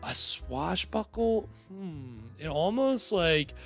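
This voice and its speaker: A man's voice: sits high, animated, takes it slowly, fairly bright tone, faint music behind. A man hosting a livestream, chatting casually and rambling with lots of fillers. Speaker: livestream host. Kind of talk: casual chat.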